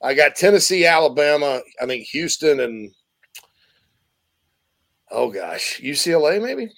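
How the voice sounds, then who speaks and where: A man's voice: a little high, expressive, a little slow, vocal fry, a bit bright. A man hosting a sports talk show, chatting casually and rambling with many fillers.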